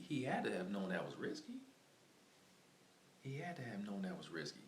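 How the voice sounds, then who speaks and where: A man's voice: sits low, sing-song, moderate pace, long pauses, fairly bright tone. A man live streaming, telling a story in a casual, rambling way, repeating himself and filling his talk with "like" and "man.". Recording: echoey room with faint ambient noise.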